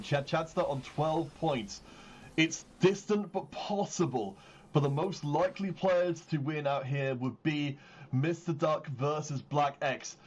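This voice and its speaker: A man casting a live esports tournament, explaining standings and calling the action with rising excitement on big plays. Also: fairly high pitch, a little hiss or hum. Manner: excitable, builds hype on big moments. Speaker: tournament caster. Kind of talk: live esports play-by-play commentary.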